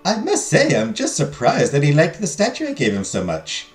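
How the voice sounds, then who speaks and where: A man voicing an excitable scheming noblewoman accomplice who hisses and gushes in a raised voice. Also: fairly high pitch, normal speed, reverberant, soft background music, voice pushed up. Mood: conspiratorial. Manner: breathless, gushing whisper-hiss.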